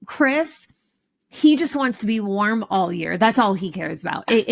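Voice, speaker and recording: A woman hosting a podcast, telling a personal story in an animated, expressive way with sudden jumps in pitch. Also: gravelly. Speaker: podcast host.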